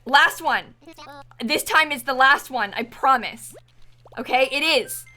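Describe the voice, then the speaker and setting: A woman live-streamer chatting to herself as she plays. Her voice sits high and sounds bright and sharp. She comes across as exasperated, laughing often, with soft music underneath. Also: measured pace. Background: faint background music.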